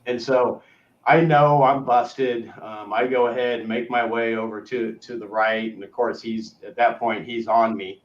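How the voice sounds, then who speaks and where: A man's voice: mid-range voice, fairly even intonation, unhurried. Male co-host, rambling storyteller, muffled lo-fi audio, off-mic. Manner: rambling, trailing off to a murmur. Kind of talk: casual storytelling. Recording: roomy, distant, dull lo-fi sound.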